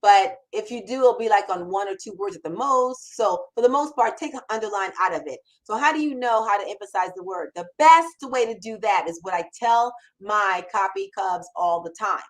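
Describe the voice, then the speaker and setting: A woman's voice: medium pitch, fairly quick, hardly any pauses, rough recording. A woman copywriting mentor hosting a live Q&A, talking in an emphatic, conversational way with frequent restarts. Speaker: copywriting mentor and show host. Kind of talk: live Q&A chat.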